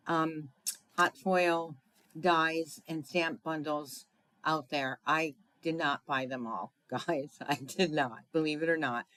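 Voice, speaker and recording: A woman demonstrates a crafting project live, talking to her viewers in an unhurried, easygoing way. Her voice sits a little low, and she thinks aloud as she works, with plenty of fillers and small asides. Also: poor audio.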